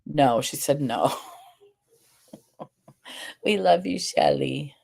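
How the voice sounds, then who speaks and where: Sleepy and a bit groggy, this livestream host chats casually, addressing viewers and the chat directly and rambling a little with fillers and restarts. Her low voice is expressive and gravelly, slightly rough yet a little mellow, with drawn-out words.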